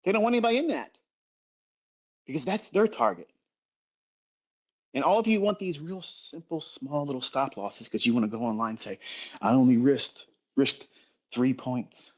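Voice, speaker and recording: A man's voice: a little high, animated, brisk, pauses often, muffled recording. A middle-aged man speaking in an impassioned livestream rant about trading, blunt and emphatic, swearing constantly and repeating himself for force.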